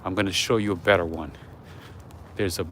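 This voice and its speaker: A man's voice: deep voice, fairly even intonation, brisk, a bit bright. A man hosting an unscripted walking livestream outdoors, talking casually to his viewers as he goes. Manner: chatty, talks to viewers, often whispers. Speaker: livestream walking-tour host. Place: outdoors on city streets near a waterfront. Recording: mobile livestream with clear street noise. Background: street noise and traffic.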